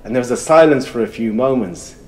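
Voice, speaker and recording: A male storyteller recounts a folk tale with a rhythmic, repeating cadence. His voice sits at a middling pitch and sinks into hushed murmurs at tender moments. He tells it live, straight to camera. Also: brisk, a little hiss or hum. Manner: rhythmic, repeating phrases, dropping to soft murmurs.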